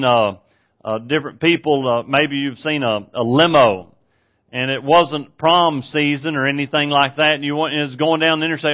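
A man preaching a sermon, moving from easy storytelling to loud, excited peaks. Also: mid-range voice, dull audio. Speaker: pastor.

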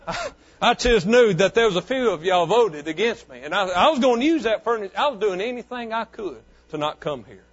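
High-voiced preacher man, lo-fi. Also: fairly quick. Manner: fervent preaching that rises and falls. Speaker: pastor. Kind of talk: sermon. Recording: dull lo-fi sound.

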